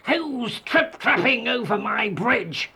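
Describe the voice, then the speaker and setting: A storybook reader voicing a menacing troll who roars his threats at travellers on his bridge, slow and booming. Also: animated, vocal fry, pushed and bright, breathy edge, heavily acted.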